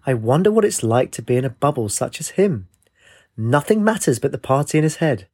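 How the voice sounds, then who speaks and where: A man's voice: mid-range voice, sing-song, a little fast, a little mellow, breathy edge. A man voicing a sinister, flamboyant male sorcerer villain in a storybook reading, with a mocking, theatrical sing-song menace.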